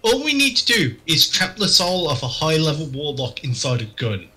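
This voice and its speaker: Lively, bright-voiced man, faint clicks. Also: a little high, poor audio. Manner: quick to object, playful. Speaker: tabletop game player.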